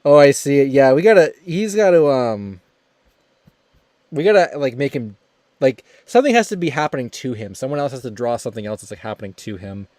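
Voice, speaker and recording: A young man hosting a casual livestream while drawing, talking in halting, rambling bursts with quick laughs. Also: medium pitch, big pitch swings, a little mellow, no room sound. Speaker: streamer host.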